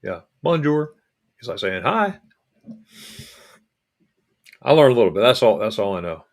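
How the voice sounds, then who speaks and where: Deep gravelly man chatting casually. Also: sing-song, moderate pace. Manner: rambling, repeats words and restarts. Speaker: vlog host. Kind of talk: casual live-stream chat.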